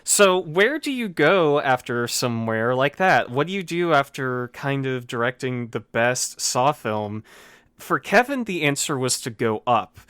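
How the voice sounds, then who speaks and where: A man's voice: mid-range voice, sing-song, a little slow, a bit bright, clear, resonant tone, dry recording, clean studio sound. A man hosting a casual podcast chat, riffing with enthusiastic, profane humor. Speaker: podcast host.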